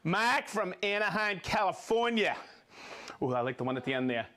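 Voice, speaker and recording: Live stream host, male, upbeat reader of viewer shout-outs, high lively voice. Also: moderate pace. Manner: upbeat, reads viewer names and places, jokes and laughs. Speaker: livestream host.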